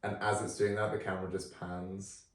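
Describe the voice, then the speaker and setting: A man co-hosting a podcast, reviewing films in a relaxed, chatty way with frequent fillers. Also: deep voice, moderate pace. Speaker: podcast co-host. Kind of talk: casual film review chat. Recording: roomy, distant from the mic.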